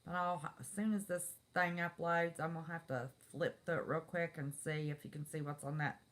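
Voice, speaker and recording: A middle-aged woman, hosting a casual live stream. She talks to her viewers in a chatty, folksy way. Her voice sits slightly low. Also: steady tone, moderate pace, fairly bright tone. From West Virginia. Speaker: livestream host.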